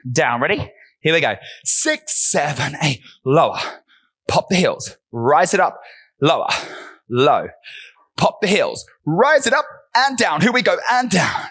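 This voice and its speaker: A man's voice: fairly high pitch, a bit bright. A man coaching a barre workout class, counting reps and cueing moves while out of breath, with upbeat encouragement. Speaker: barre fitness instructor.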